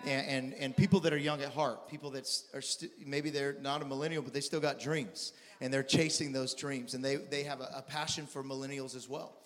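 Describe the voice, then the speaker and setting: A man in his forties preaching a sermon as pastor, stammering and restarting often, swinging from quiet talk to loud shouted preaching. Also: medium pitch, fairly even intonation, a little fast, hardly any pauses. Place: church sanctuary. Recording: long reverb of a large hall.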